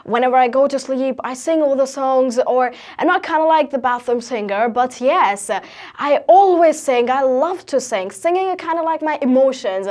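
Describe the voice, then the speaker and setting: A teenage girl with a high, bright voice and an Indian English accent tells her own story in a motivational talk. She keeps the energy up and keeps asking rhetorical questions. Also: expressive, moderate pace. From Haryana, India. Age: teens. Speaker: guest speaker.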